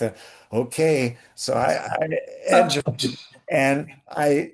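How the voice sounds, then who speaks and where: A man being interviewed as a guest, a playwright and actor telling lively theatrical anecdotes in a casual chat. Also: mid-range voice, takes it slowly, gravelly.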